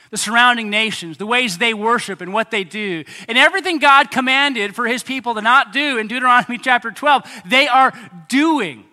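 A man preaching a sermon as pastor, animated, acting out voices and making sound effects. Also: very high-pitched. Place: church hall. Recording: hall reverb.

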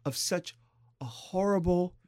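A middle-aged man from San Diego, co-hosting a podcast in candid, casual talk, thoughtful and halting with expressive swings in pitch. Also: dry recording, studio quality. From San Diego, California. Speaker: podcast co-host.

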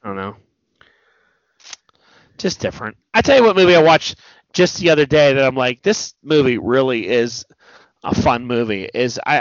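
A man hosting a casual chat about movies, talking in an animated way and swearing freely. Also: medium pitch, dry recording. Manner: animated, swearing, quotes movie lines in mock voices. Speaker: podcast host. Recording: dull lo-fi sound, dry.

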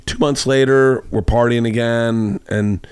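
A man's voice: mid-range voice, unhurried, clean tone, dry recording. Dry-voiced man telling a rambling story. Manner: rambling, animated anecdote with quoted voices. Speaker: podcast host. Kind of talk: casual storytelling chat. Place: home studio room.

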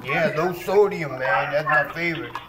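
A man's voice: fairly high pitch, normal speed, a loud crowd. A man in his fifties making crude, taunting prank phone calls and laughing at his own jokes. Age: 50s. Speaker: prank caller. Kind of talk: crank phone call. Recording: noisy phone line.

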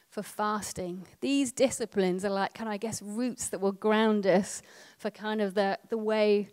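This prayer ministry trainer, a woman in her thirties, has a mid-range, somewhat mellow voice. She gives a chatty, conversational teaching talk peppered with quick asides and tag questions.

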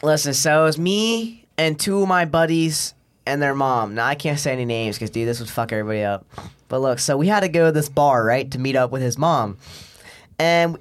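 A man's voice: fairly high pitch, a little fast. Young man telling a rowdy story. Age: young adult. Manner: rambling, profane, acts out the people in his story. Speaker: podcast guest. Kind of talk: casual storytelling.

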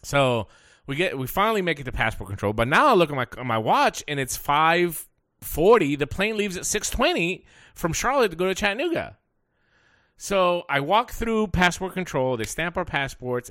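A middle-aged man hosting a podcast, telling a story casually, animated and profane, getting heated as he recounts a complaint. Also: fairly high pitch, no room sound, studio quality. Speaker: podcast host. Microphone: podcast mic.

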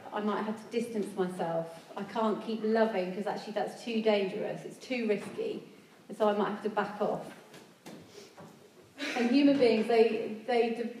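Woman preacher, conversational sermon delivery, slightly high voice, distant mic with faint noise. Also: a little mellow. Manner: earnest, conversational, acts out quoted voices. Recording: echoey hall, speaker far from mic.

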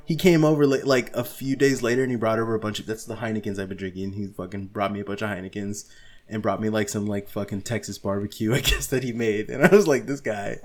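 A man's voice: fairly low pitch, fairly even intonation, fast. A young man, a podcast host, telling a story in casual chat, laughing often and swearing casually.

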